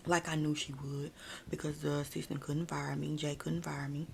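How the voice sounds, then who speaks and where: A woman's voice: deep voice, little pitch movement, normal speed, vocal fry, background noise. A woman chatting through a casual ASMR storytime, talking straight to her viewers and using "like" a lot, close to the mic. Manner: chatty, frequent "like" and "y'all"; addresses viewers directly.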